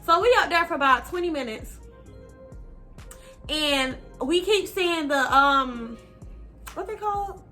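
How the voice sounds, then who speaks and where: A young woman casually telling a personal story on her vlog, slangy, animated and now and then profane. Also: high voice, takes it slowly, long pauses, soft background music. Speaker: vlogger.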